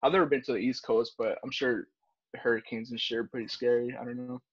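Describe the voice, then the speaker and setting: A man's voice: medium pitch, fairly even intonation, quick pace, breathy edge, no echo. A man co-hosting a podcast, rambling through a story with lots of fillers and swearing. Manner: rambling, many fillers and swears, says dude and bro. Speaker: podcast co-host, Navy corpsman. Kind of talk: casual profane storytelling chat. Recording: dull, dry podcast recording.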